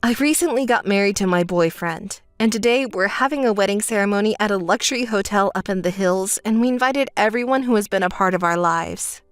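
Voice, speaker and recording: A woman voicing a calm, fed-up older sister in a texting story voice-over, flat and dismissive. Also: mid-range voice, fairly quick, few pauses, smooth, no echo, clean studio sound, pitched below the performer's own voice, natural voice. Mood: dry.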